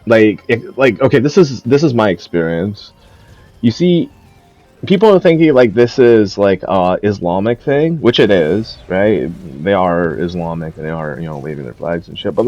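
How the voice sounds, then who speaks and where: Profane rambling young man, lively pitch. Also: moderate pace, no room sound, muffled recording. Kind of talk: casual rant.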